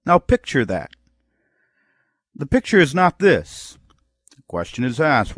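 A man's voice: mid-range voice, sing-song, measured pace, breathy edge, dry recording, studio quality. A man preaching a sermon. He reads scripture aloud and acts out imagined replies to make his point.

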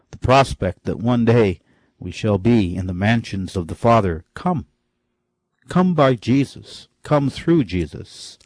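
A man preaching a sermon with fervent delivery, climbing sharply in pitch on key phrases and slowing down for emphasis. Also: darkish tone, no room sound.

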